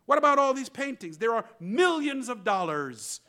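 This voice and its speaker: A man voicing a pushy male art collector who complains loudly during a retold story in a sermon. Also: extremely high pitch, sing-song, normal speed, pitched above the performer's own voice, heavily acted. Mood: indignant. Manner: loud and demanding.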